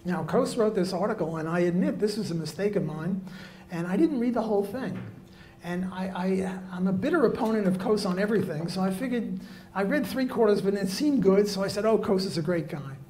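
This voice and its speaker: A man's voice: high-pitched, a little fast, dark tone. A man giving a live economics lecture, blunt and jokey, with many fillers and restarts.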